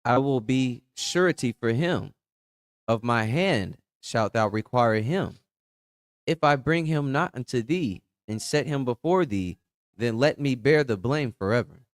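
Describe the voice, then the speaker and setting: A man reading archaic scripture aloud in a steady, plain way during a Bible study. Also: mid-range voice, a little slow, no room sound, studio quality.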